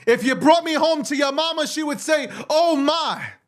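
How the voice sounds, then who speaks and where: Brash, profane man with a high voice. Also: steady tone, fairly quick, slight background noise. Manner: repeats phrases, rhetorical questions. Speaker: show host. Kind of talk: livestream rant to viewers.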